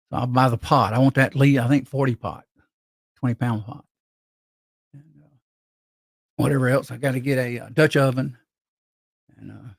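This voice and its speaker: A man of middle pitch hosts a relaxed live stream, chatting and reading comments from viewers. His voice carries a gravelly rasp, and he wanders from thought to thought with frequent restarts. The sound is dry and close, with no room around it. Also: no echo. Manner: rambling, reads viewer comments aloud, many restarts. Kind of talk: casual live stream chat.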